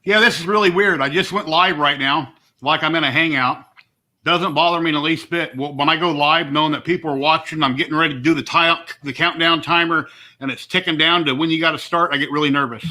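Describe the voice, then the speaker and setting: A man's voice: a little high, fairly even intonation, fairly quick, bright, forceful tone. A middle-aged man chatting casually and rambling on a home live stream, easygoing and talkative. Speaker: livestream host.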